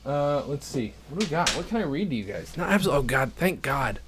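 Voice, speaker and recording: A man's voice: a little high, sing-song, fairly quick, background noise. A man hosting a casual podcast from a home studio, rambling and self-deprecating with lots of jokes and fillers. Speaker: podcast host.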